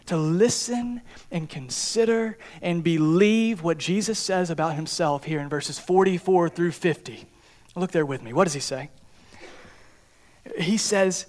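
High-voiced man preaching an earnest sermon. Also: a little slow. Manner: earnest, pleading with repeated questions. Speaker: pastor.

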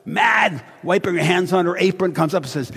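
A man's voice: high voice, fairly even intonation, quick pace, gravelly, breathy edge. A man preaching a sermon in a conversational, storytelling manner. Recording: long hall reverb.

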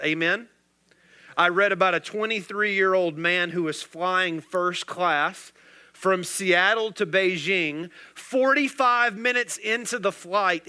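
A man's voice: sits high, sharp tone. A man preaching a sermon, asking rhetorical questions of the congregation and telling examples with dry humor. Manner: rhetorical call-and-response preaching. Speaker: pastor.

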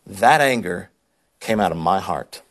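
A man preaching a sermon as a pastor, telling a personal story in a conversational, animated way and repeating words when he gets worked up. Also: low voice, measured pace.

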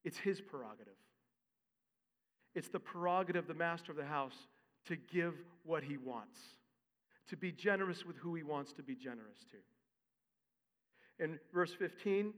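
A man preaching a sermon as a pastor, with an expressive, conversational delivery. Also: fairly high pitch, normal speed, pauses often, in a large hall.

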